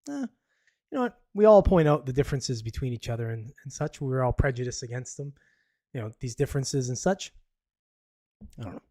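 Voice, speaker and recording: Canadian man hosting a live stream, mid-pitched, dry sound; offhand, blunt, swears and chuckles. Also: sing-song, brisk, warm tone, dry recording. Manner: rambling, blunt, swears casually, laughs at own jokes. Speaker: podcast host. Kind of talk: casual live-stream commentary.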